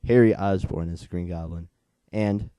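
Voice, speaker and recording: A man's voice: sits low, measured pace, mellow, smooth, no echo. A young man in his late teens, chatting casually as he reviews a comic book and retells its plot in a rambling, digressive way.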